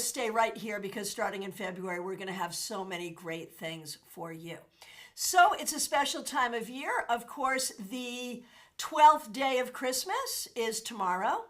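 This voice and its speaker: A woman hosting a casual livestream, chatting with her viewers and thanking them by name. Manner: animated, with sudden jumps in pitch and loudness. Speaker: tarot reader and livestream host.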